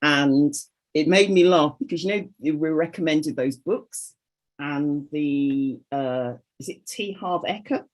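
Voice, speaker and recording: A woman's voice: low voice, a little slow. A woman calling in to a group coaching call over video, candidly sharing a personal story and acting out her own inner voices.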